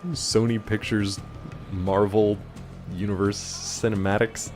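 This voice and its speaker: A man's voice: fairly low pitch, lively intonation, moderate pace, long pauses, soft background music. A young man chatting casually on a live stream, answering chat and hopping between topics while he plays. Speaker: game streamer.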